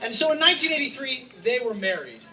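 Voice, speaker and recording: A man from Utah giving an impassioned, joking public speech to a crowd as an activist, sometimes raising his voice to a shout. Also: very high voice, sing-song, quick pace. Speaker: activist speaking at a rally. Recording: distant mic with faint background noise.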